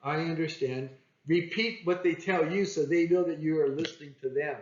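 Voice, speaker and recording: A man's voice: fairly high pitch, moderate pace, dull audio. Man coaching sales in an echoey room. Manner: plain-spoken, acts out phone calls. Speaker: sales trainer.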